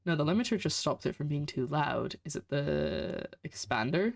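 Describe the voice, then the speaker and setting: A woman's voice: deep voice, big pitch swings, moderate pace, vocal fry, no echo, clean studio sound. A woman streaming a game, commenting casually and sarcastically, exasperated at the characters. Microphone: desk microphone. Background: game audio.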